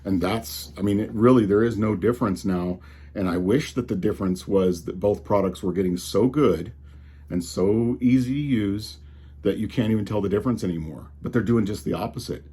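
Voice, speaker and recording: Man, colorado drawl, low dark voice, a bit husky, exasperated rambling rant. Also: moderate pace. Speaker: tech commentator. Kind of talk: casual ranting monologue.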